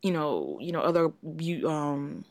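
Animated storytelling woman, dry sound. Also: low voice, a little slow, dry recording. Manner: animated storyteller, acts out quotes. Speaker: podcast co-host. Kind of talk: casual chat.

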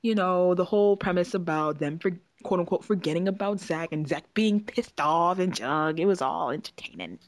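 A woman's voice: fairly low pitch, moderate pace, hardly any pauses, no echo. A woman co-hosting a podcast, chatting casually in an exasperated, teasing way and laughing often. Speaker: podcast co-host. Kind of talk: casual chat reviewing a show.

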